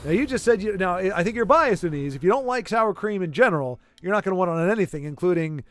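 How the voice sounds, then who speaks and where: A man's voice: high voice, animated, fast, a bit bright, dry recording. A man chatting casually with his livestream audience, rambling and playfully arguing, with many restarts. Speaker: streamer.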